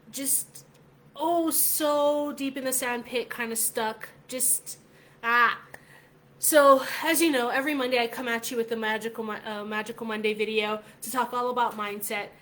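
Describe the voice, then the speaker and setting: A chatty middle-aged woman tells a story straight to her viewers, scattering "like" through her sentences. Her voice sits a little high. A faint hiss runs under her talk. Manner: chatty, animated, many "like" fillers. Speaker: vlog host. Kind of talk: casual storytelling vlog.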